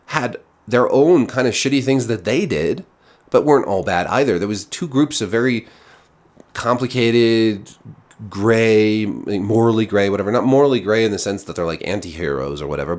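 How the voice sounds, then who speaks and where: Brief: frustrated male critic with a lowish voice, rambling through a casual review. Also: moderate pace. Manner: exasperated, rambling, frequent restarts. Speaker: TV show reviewer.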